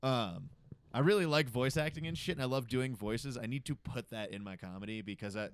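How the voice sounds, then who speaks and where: A man co-hosting a comedy podcast, talking loosely and swearing a lot while high, from the East Coast of the US. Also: a little fast, clean tone, no echo. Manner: loose, profane, laid-back joking. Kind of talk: casual chat.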